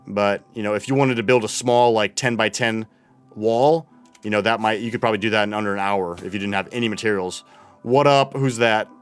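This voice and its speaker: A man's voice: mid-range voice, fairly bright tone, clear, resonant tone. A young man livestreaming a building game, chatting casually and reading out his chat. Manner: chatty, reads chat aloud and thanks followers. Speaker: streamer.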